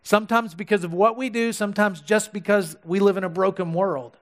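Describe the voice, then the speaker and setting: A man's voice: high voice, fairly even intonation, fairly quick. A male pastor preaching a sermon, retelling a story and acting out the quotes with animation.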